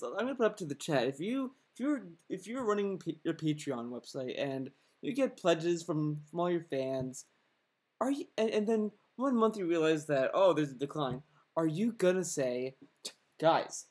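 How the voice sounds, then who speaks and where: A man's voice: fairly high pitch, a little mellow. A man delivers an angry reaction commentary, swearing constantly. His tone stays sarcastic and mocking as he rants at the person on screen.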